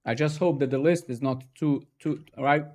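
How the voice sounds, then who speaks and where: A man's voice: mid-range voice, normal speed. A man casually talking to himself and his viewers while coding live, swearing and bursting out when things work. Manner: talks to himself, swears, excitable outbursts.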